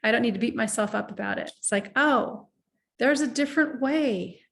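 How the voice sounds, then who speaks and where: Pitched on the high side, this middle-aged female life coach sounds creaky and a bit bright. She gives a sincere, thoughtful motivational talk and occasionally walks the listener through slow breaths.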